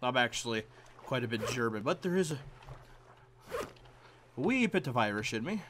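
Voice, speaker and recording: A man's voice: medium pitch, big pitch swings, moderate pace, a bit bright, slight background noise. A middle-aged man giving casual gameplay commentary, muttering to himself with lots of fillers and breaking into silly singing now and then. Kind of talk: casual let's-play commentary.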